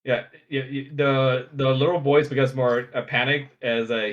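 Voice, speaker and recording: A man narrating as game master of a tabletop game, speaking haltingly with many restarts. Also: medium pitch, steady tone, dull audio. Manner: halting, full of fillers and restarts.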